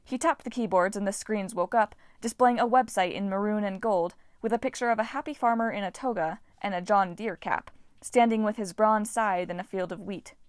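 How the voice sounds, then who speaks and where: A woman reading a novel aloud with steady, even narration. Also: medium pitch, fairly quick, dry recording, clean studio sound. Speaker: audiobook reader.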